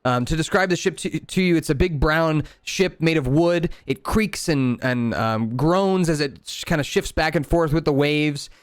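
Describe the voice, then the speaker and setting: A man narrating a tabletop role-playing game as game master in a loose, relaxed way, with plenty of fillers. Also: fairly high pitch, normal speed, few pauses, smooth, no echo, clean studio sound.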